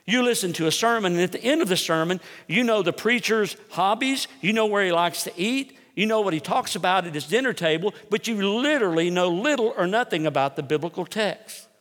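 A male preacher delivers an expository sermon, slightly high-voiced, leaning hard on key words and stretching them out for weight. His voice rings through a large hall with a long reverb tail. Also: lively intonation, a bit bright. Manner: emphatic, slows down to stress key words. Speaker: preacher and teacher.

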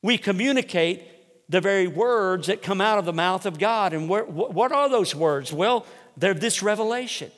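A male preacher delivers an expository sermon, slightly high-voiced, leaning hard on key words and stretching them out for weight. His voice rings through a large hall with a long reverb tail. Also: fairly bright tone. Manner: emphatic, slows down to stress key words. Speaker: preacher and teacher.

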